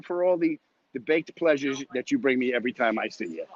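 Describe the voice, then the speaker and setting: A man's voice: medium pitch, expressive, fairly quick, dry recording, highs cut off. A comedian chatting casually with viewers and reading their comments as he walks home, a bit winded, talking into a phone. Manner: rambling, joking, chatty. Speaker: comedian hosting a weekly live chat. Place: outdoors, walking home.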